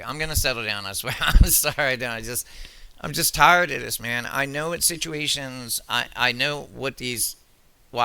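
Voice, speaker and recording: A man's voice: mid-range voice, vocal fry, sharp tone, dry recording. A man delivering an angry, heated commentary rant, swearing often and stumbling over restarts. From United States. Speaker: political commentary vlogger.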